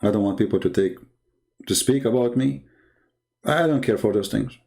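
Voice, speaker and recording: In an interview, a man with a gravelly, slightly mellow voice speaks at a moderate pace as a Christian public speaker. Earnest and emphatic, he uses non-native English phrasing and impersonates quoted people through dramatic pitch leaps.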